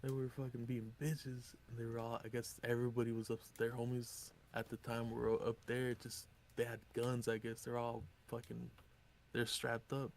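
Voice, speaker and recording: A man of ordinary pitch tells a long story on his stream in a loose, rambling way. He swears constantly and switches into the voices of the people in the tale. A faint noise sits behind him. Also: monotone, moderate pace, creaky. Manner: profane, rambling, acts out quotes. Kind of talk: casual storytelling on a live stream.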